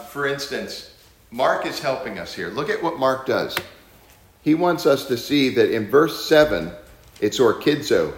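A man leads a Bible lesson with a lively, swinging pitch and an emphatic delivery, often repeating his key words. His voice rings around a very echoey room. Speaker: Bible teacher.

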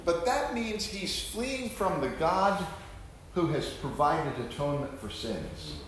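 A pastor's fairly high, sing-song voice, slightly bright, carries slowly through an echoey room as he gives an earnest sermon-style Bible teaching. He presses each point with rhetorical questions, over slight background noise.

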